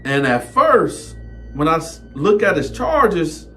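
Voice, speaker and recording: A man telling a comedic story in an animated way, jumping into the voices of the people in it. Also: on the high side, slow pace, faint music behind.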